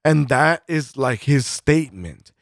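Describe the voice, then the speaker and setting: A man's voice: mid-range voice, lively intonation, a little slow, vocal fry, no room sound, studio quality. A man co-hosting a podcast in casual chat, swearing constantly and rambling with fillers and restarts. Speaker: podcast co-host.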